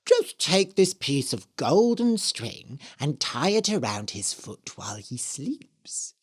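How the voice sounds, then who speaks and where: A storyteller voicing a sly old woman from a fairy tale who speaks slowly and partly in a whisper. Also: mid-range voice, sing-song, slightly rough, exaggerated voice. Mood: hushed, sly. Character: kindly-seeming old woman, secretly scheming.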